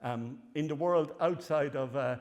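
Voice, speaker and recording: A man's voice: a little high, a little slow, long reverb tail. A man in his sixties with an Irish accent, giving a chatty public lecture full of anecdotes and his own laughter. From Ireland. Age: 60s. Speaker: professor. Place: lecture hall.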